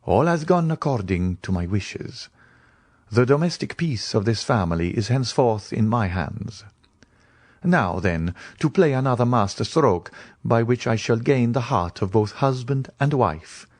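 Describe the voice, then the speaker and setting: A man voicing a courtly, ironic count in an audiobook, with polished and smoothly courteous speech. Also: medium pitch, animated, a little slow, no room sound. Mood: gloating. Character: suave scheming male count, courtly and ironic.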